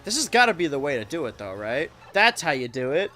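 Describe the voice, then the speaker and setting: A man streaming a kart racing game, rambling and joking to his chat with sudden excited yelps. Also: on the high side, a little fast, faint music behind. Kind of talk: live-streamed gameplay commentary.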